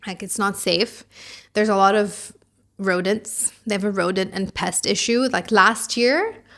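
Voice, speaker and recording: A woman's voice: medium pitch, unhurried, fairly bright tone. A woman hosting a casual podcast, sassy and opinionated, rambling with lots of "like"s. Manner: puts on a mock French accent. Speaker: podcast host.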